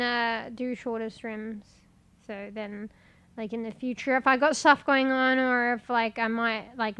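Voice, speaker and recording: A woman's voice: on the high side, fairly bright tone. A young woman streaming a game, chatting casually and rambling, swearing freely and laughing often. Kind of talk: casual live-stream chat.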